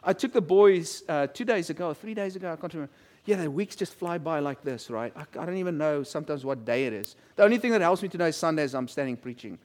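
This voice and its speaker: A man's voice: fairly high pitch, lively intonation, quick pace. A middle-aged male pastor giving a sermon in a chatty storytelling way, acting out quotes from people he describes. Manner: conversational storytelling with quoted voices.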